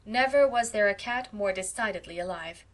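Expressive woman narrating a classic novel. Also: mid-range voice, normal speed. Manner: expressive storytelling. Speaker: audiobook narrator. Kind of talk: scripted narration.

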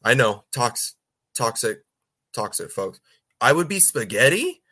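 Bright-voiced man rambling through chat. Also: medium pitch, sing-song, a little slow, husky. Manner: rambling, stumbling over words, laughs often. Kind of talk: casual chat.

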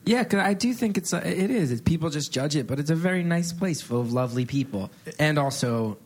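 A man's voice: a little high, lively intonation, a little fast. A man from New Jersey trading dry jokes as a guest on a live podcast stage. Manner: dry, joking comedian delivery. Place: stage at a live venue with an audience.

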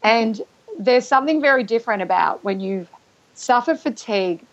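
A woman guest telling a personal story in conversation, halting and emotional, with restarts and throat-clearing. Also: on the high side, lively intonation. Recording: dull lo-fi recording.

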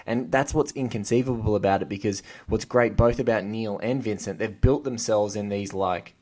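A man's voice: lowish voice, normal speed, darkish tone. Enthusiastic male podcast host. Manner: enthusiastic, quotes film dialogue often. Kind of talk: casual film discussion.

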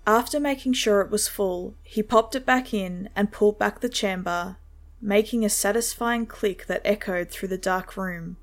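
A woman narrating a first-person horror story in a steady, measured storytelling way. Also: mid-range voice.

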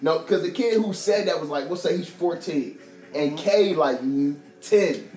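High-voiced young man, animated and profane. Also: a little slow. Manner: animated, profane storytelling with frequent laughs. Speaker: podcast co-host. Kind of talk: casual chat. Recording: echoey room with music behind.

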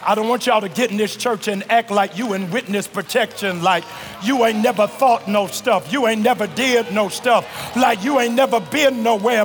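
A man pastor preaching a fervent sermon, stretching and shouting phrases and calling on the congregation to answer. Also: high-pitched, moderate pace, soft background music. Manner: colloquial, calls on the congregation to respond. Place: large church sanctuary. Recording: reverberant large hall, live church recording.

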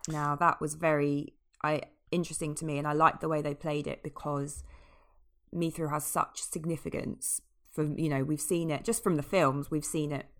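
A woman's voice: low-pitched, little pitch movement, moderate pace. A woman co-hosting a casual chat, talking with enthusiasm and many small fillers and restarts. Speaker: podcast co-host. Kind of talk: casual chat about a fantasy TV series.

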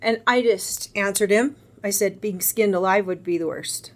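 A middle-aged woman, a guest on a podcast, telling a personal story in a casual, animated way and acting out the other people's lines. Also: medium pitch, normal speed. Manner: animated, acts out quoted voices.

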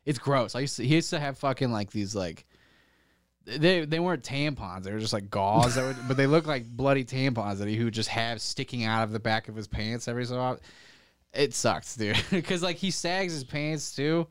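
Young man, casual chat, many fillers, profane, laughs often, middling pitch, smooth tone. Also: moderate pace, no room sound, clean studio sound.

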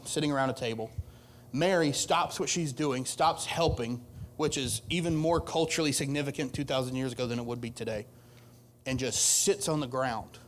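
A pastor delivering a casual, conversational sermon to a youth group, getting animated as he retells a scripture story. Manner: animated storytelling, voices Martha's complaint with rising pitch; casual, conversational preaching with fillers.

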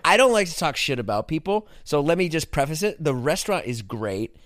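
A man telling a story in casual chat, animated and swearing, acting out what people said. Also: fairly high pitch, fairly quick, no room sound, studio quality. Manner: animated, swearing, acts out quotes.

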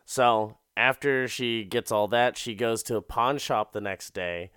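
A man's voice: mid-range voice, measured pace, a bit bright, smooth, dry recording, clean studio sound. A man casually retelling a movie plot in a profane, rambling way, often laughing. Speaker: film recapper.

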